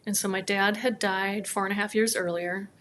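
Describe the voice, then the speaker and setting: A woman's voice: mid-range voice, steady tone, normal speed, fairly bright tone, a little hiss or hum. A woman in her thirties from northern Minnesota, a chiropractor guest telling a personal story with heartfelt emotion and acting out the dialogue. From northern Minnesota, USA.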